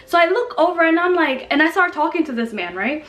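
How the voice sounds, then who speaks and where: A young woman from Kenya telling a story in a casual, animated, slangy and self-mocking way. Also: very high voice, fast. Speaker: vlogger. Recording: echoey room with faint music.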